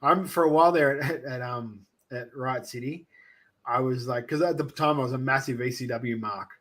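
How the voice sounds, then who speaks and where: A man's voice: mid-range voice, normal speed, fairly bright tone. Aussie male wrestling manager, mid voice, rambling filler-heavy chat, sweary. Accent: Australian. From Australia. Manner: rambling with many "like"s, profane. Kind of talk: casual chat.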